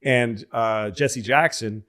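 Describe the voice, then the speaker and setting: Middle-aged male podcast host, from Massachusetts, lively storyteller who acts out the people he quotes. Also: medium pitch, slow. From Massachusetts, USA. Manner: animated storyteller, acts out quoted voices loudly. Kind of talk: casual storytelling chat.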